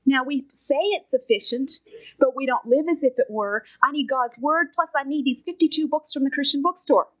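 A middle-aged woman with a high voice preaches in a sermon style, earnest and emphatic. She presses her points firmly and now and then drops into a soft whisper to stress them. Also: moderate pace, poor audio. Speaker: Bible teacher.

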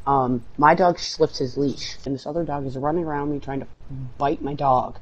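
A man with a somewhat high voice speaks at a moderate pace in a steady tone, with the recording's highs cut off. Chatting casually as a co-player in a game, he swears constantly, tells a long rambling story, and erupts loudly when he loses.

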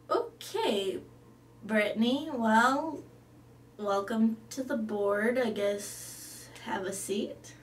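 A woman's voice: on the high side, extremely slow, recorded from a distance. A woman hosting a comedy sketch, weary and patient. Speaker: host.

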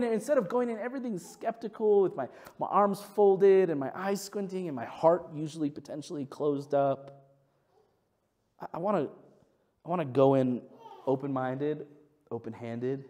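A man in his thirties, a pastor preaching a sermon, telling stories with lively acted-out quotes and dropping to a soft, low voice for scripture readings. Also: brisk. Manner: animated storytelling, acts out quotes with big pitch jumps.

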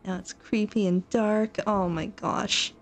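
A woman's voice: mid-range voice, fairly even intonation, slow, vocal fry, slight background noise. A woman streaming a horror game live, frightened, pleading and repeating herself with bursts of nervous laughter. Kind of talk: live gameplay commentary.

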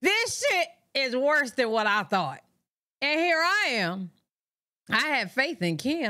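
A woman's voice: sits high, sing-song, slow, sharp tone. A woman hosting a reaction channel, giving blunt, profane commentary on clips in a casual way. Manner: blunt, profane, laughing asides.

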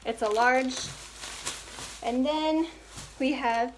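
A woman's voice: high voice, extremely slow, a little hiss or hum. A young woman talking casually and upbeat in a home vlog, recorded at home. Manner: chatty, upbeat, scolding the dog in between. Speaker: vlogger. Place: at home indoors.

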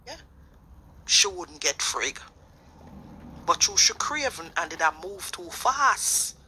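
A Jamaican speaker chats casually in patois with a bright, sharp tone. The talk often trips over repeated words before pressing on. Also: mid-range voice, big pitch swings, slow pace, a little hiss or hum, rough recording. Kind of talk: casual commentary chat.

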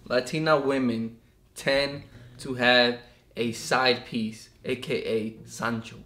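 A young man co-hosting a couple's vlog, reading prompts slowly and teasing his partner. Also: medium pitch. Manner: teasing, reads lines slowly and deadpan. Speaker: vlogger co-host reading prompts. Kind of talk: casual couple reaction chat. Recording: echoey room with faint music.

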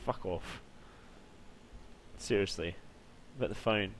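A man giving loud, jumpy, swearing commentary while playing a horror game. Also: fairly low pitch, slow pace, slight background noise. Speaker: gaming YouTuber.

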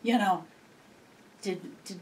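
An older woman speaks slowly in a mid-range, darkish voice, recalling the past in a chatty, wandering interview full of laughter. She is recorded on a distant mic with faint noise behind her.

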